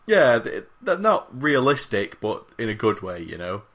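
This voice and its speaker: A man's voice: on the low side, very animated, moderate pace, fairly bright tone, slightly rough. A young man on a gaming podcast, rambling through a casual chat with lots of fillers. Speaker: podcast co-host.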